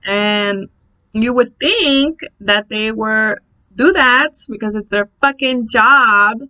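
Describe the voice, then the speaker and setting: A young woman telling a birth story in a casual, blunt, animated vlog, swearing freely. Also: a little high, takes it slowly, clear, resonant tone, low-quality recording.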